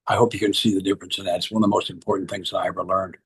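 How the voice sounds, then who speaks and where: A man's voice: low-pitched, flat delivery, rapid-fire, fairly bright tone, slightly rough. A middle-aged man, speaking earnestly and emphatically as he gives personal testimony to a recovery group, repeating key phrases.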